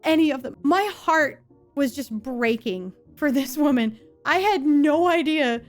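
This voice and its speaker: A woman streamer telling a comedic story from her life in an animated, expressive way. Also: high-pitched, measured pace, soft background music.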